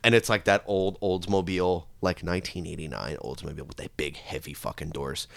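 A man's voice: sits low, brisk, creaky, no echo. A man co-hosting a podcast, telling a wild story in casual chat, swearing freely and acting out screams. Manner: animated storyteller, swears a lot, shouts out quoted screams. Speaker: podcast co-host.

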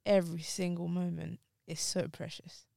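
A woman's voice: on the low side, flat delivery, moderate pace, gravelly, dark tone, dry recording. A woman co-hosting a casual podcast chat, speaking openly and emotionally while grieving, her voice close to tears. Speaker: podcast co-host.

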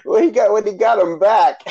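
Man, gravelly, fairly high voice, giggly, casual podcast chat. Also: mellow, highs cut off. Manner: giggly, keeps breaking into laughter. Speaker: podcast co-host.

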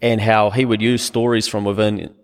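A man's voice: fairly low pitch, level tone, normal speed, long reverb tail. A man with a New Zealand accent, a podcast guest talking casually in a rambling, slangy way with lots of fillers. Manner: laid-back, slangy, rambling with many fillers. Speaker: podcast guest, business owner.

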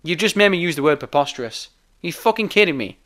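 A man's voice: on the high side, animated, quick pace, a bit bright. A young man delivering a heated, opinionated rant, emphatic and swearing often. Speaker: wrestling commentator.

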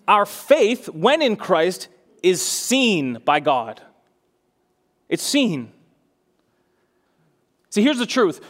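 A man's voice: sits high, a bit bright. A young adult man, a pastor, preaching a sermon in an earnest way that rises to fervent emphasis.

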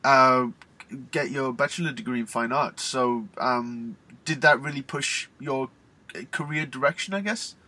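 Bright-voiced host with a mild Geordie accent. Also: male voice, mid-range voice, a little slow. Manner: laughs often, short prompting questions. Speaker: podcast host. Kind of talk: casual interview chat.

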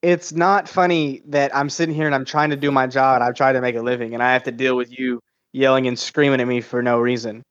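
A man's voice: mid-range voice, level tone, fast, fairly bright tone, dull audio. A man, a podcast guest talking casually and rambling, with lots of swearing and restarts.

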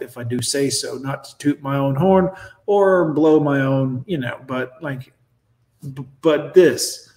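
A man in his forties hosting a casual reaction stream, talking in a blunt, sarcastic, profane way. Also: mid-range voice. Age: 40s. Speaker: streamer host reacting to videos. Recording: echoey room.

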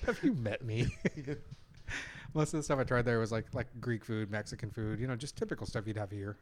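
Podcast co-host, man, jokey and rambling, average pitch. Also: moderate pace, long pauses, a little hiss or hum. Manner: joking, rambling with restarts. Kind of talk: casual chat.

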